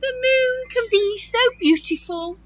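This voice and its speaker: A woman voicing a sad, gentle young male giraffe in a storybook, speaking softly and forlornly. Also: very high voice, expressive, measured pace, highs cut off, pitched above the performer's own voice. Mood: dreamy. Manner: soft, forlorn storybook reading.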